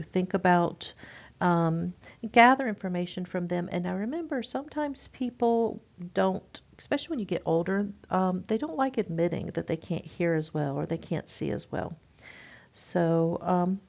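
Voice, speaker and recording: A woman teaching a nursing class in a relaxed, informal way, with lots of ums and restarts. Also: on the low side, gravelly. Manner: informal, many fillers and restarts. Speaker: nursing instructor. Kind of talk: recorded lecture. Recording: dull lo-fi lecture recording.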